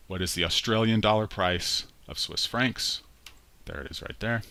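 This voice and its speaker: Deep bright-voiced man teaching a tutorial. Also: fairly even intonation, normal speed, no echo. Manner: conversational, walks through steps aloud with self-corrections. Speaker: instructor. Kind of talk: screen-recorded spreadsheet tutorial.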